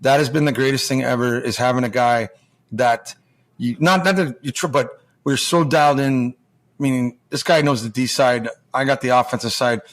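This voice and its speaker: A man in his forties tells loose stories as a podcast guest at a middle pitch, rambling and restarting as he goes. He swears freely and acts out the other voices in his stories. His delivery is casual and conversational. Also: moderate pace. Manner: rambling, profane, acts out quoted dialogue. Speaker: podcast guest, former pro hockey player now junior coach. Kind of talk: casual storytelling chat.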